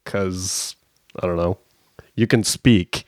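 A man hosting a podcast in casual chat, relaxed and laughing often, repeating words as he starts his sentences. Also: low-pitched, takes it slowly, no echo, studio quality. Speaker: podcast host.

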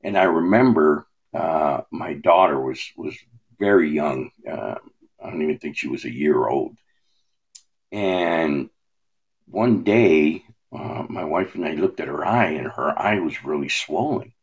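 A man's voice: extremely low pitch, a little slow, slightly rough, highs cut off. A man sharing a personal testimony in a rambling storytelling way, with many fillers and restarts.

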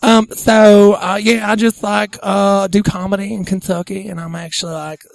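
A man's voice: sits high, little pitch movement, moderate pace, vocal fry, no room sound, pitched above the performer's own voice. A man voicing a boastful woman comedian from Kentucky with a put-on drawl, in an improvised podcast bit. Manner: boastful, loud, says y'all. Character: brash self-proclaimed stand-up comedian woman Kathleen from Kentucky.

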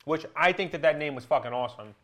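A man's voice: fairly high pitch, fast, a bit bright, a little hiss or hum. A young man hosting a podcast, telling rambling stories full of fillers and swearing, laughing along. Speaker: podcast host. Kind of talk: casual comedic storytelling.

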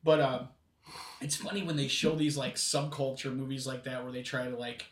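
A man's voice: medium pitch, fairly even intonation, normal speed, recorded from a distance. Man, casual podcast co-host, rambling, off-mic, roomy. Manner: rambling, lots of "like" fillers and restarts. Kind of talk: casual chat.

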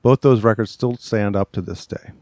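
A man's voice: on the low side, moderate pace, a little mellow, no room sound, clean studio sound. A man co-hosting a podcast in a casual, laid-back way, reading out listener comments, swearing now and then and laughing often. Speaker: podcast co-host.

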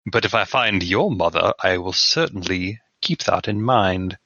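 A man's voice: sits low, unhurried, sharp tone, dry recording, muffled recording, full character voice. A man voicing a smug, mocking voice inside another character's head, with a prim, sarcastic way of talking. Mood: needling.

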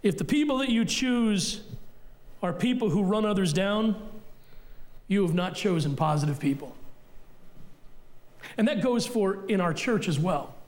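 A middle-aged pastor delivers a sermon in a church, blunt and forceful. His voice sits high for a man, and he hammers his points home by repeating them. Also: animated, measured pace, long pauses. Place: church sanctuary.

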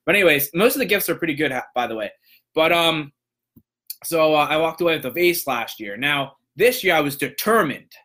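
Bright, animated man telling a story. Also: a little high, brisk. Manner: animated, acts out voices in quotes. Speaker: podcast host, motivational speaker. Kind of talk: casual storytelling.

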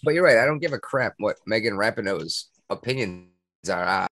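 A man's voice: fairly low pitch, animated, brisk, a bit bright. A man co-hosting a podcast in casual chat, rambling and sarcastic, with lots of fillers and restarts. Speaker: podcast co-host.

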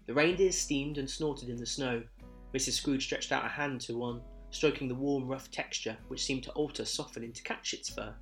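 A man reads a Christmas story in verse at a medium pitch, his delivery measured and rhythmic. Soft guitar music plays quietly behind him. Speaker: narrator.

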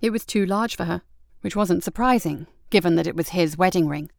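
A woman reading a novel aloud as an audiobook narrator in measured, even storytelling. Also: lowish voice, gravelly, no room sound, clean studio sound. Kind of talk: scripted narration.

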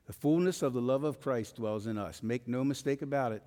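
A man's voice: medium pitch, a little fast, mellow. A male pastor preaching a sermon with an emphatic rising and falling cadence. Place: church sanctuary. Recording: long hall reverb.

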